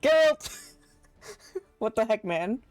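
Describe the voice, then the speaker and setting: A woman's voice: fairly high pitch, animated, slow, no echo. A woman streamer reacting to a game live, with incredulous asides to her viewers. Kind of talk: live gameplay commentary.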